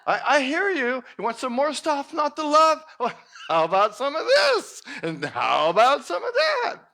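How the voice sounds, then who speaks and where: A man's voice: very high-pitched, huge pitch swings, moderate pace, bright, forceful tone, voice pushed up, exaggerated voice. A man doing the teasing voice of the universe. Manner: mock-generous, exclaiming. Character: playful male voice of the universe, teasing.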